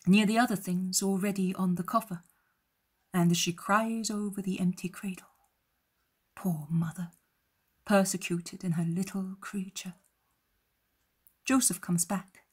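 Breathy woman narrating softly. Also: fairly low pitch, fairly even intonation, unhurried. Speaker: audiobook narrator. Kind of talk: scripted narration.

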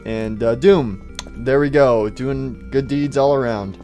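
A man's voice: medium pitch, slow pace, warm tone, faint music behind. A young man casually commenting on a video game as he plays, teasing the characters with playful asides. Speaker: gaming YouTuber. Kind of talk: casual let's-play commentary.

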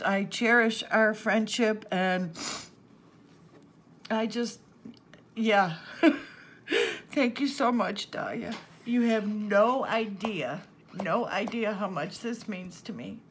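A woman opening gifts off camera for her viewers, teary and sniffling, gasping and laughing with delight. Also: mid-range voice. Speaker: crafting channel host. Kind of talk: unboxing happy mail, chatting to viewers off camera.

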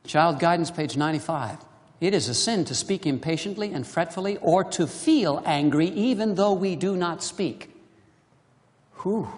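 A preacher gives an emphatic sermon in a church sanctuary, peppering the congregation with rhetorical questions and alternating loud emphasis with hushed asides. The voice is mid-range and expressive at normal speed, and the church hall adds a long reverb.

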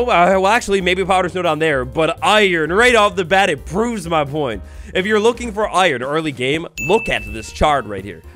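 A man's voice: sits high, fairly bright tone. A man hosting a game let's play, giving upbeat, jokey commentary with bursts of theatrical mock outrage. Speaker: Minecraft let's play host.

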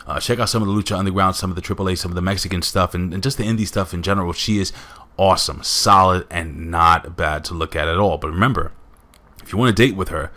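Deep-voiced man rambling through a recap. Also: fast, pushed and bright. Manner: rambling, with many fillers and asides to viewers. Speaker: wrestling show reviewer. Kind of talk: casual spoken recap.

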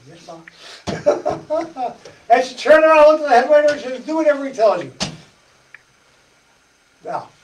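A man giving a folksy church study-group talk, chatting and acting out dialogue with laughs. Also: high voice. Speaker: parish presenter. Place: church meeting room. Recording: echoey church hall from far off, faint hiss.

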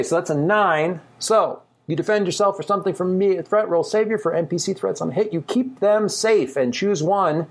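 A man running a tabletop game as game master, animated and thinking aloud with many fillers. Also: a little high.

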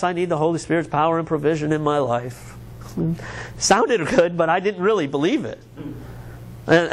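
A man's voice: a little high, gravelly. A man from the United States, a pastor preaching a sermon in an earnest, conversational way, often restarting his words.

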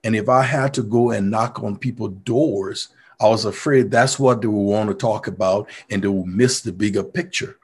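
A man's voice: mid-range voice, slightly rough. A middle-aged man from Liberia with a Liberian accent gives an earnest, motivational storytelling talk. He sometimes repeats words to press a point. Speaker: mayor giving a talk.

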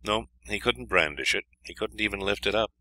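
A man reading a fairy tale aloud in an expressive, lively storytelling manner. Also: lowish voice, a little fast, low-quality recording. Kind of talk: scripted fairy-tale narration.

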